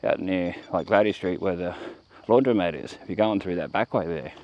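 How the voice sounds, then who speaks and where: Deep-voiced Australian man rambling outdoors. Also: fairly quick, no room sound, dull audio. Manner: meandering, off-the-cuff, trails off mid-sentence. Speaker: walking-tour vlogger. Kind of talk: rambling walk-and-talk commentary. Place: outdoors on a rural roadside.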